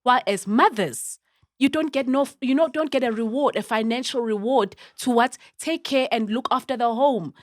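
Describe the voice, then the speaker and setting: A woman's voice: on the high side, normal speed, no echo, studio quality. A woman with a South African accent, a guest in a casual podcast chat, insistently pressing to make her point. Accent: South African English. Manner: insistent, keeps asking to be let speak.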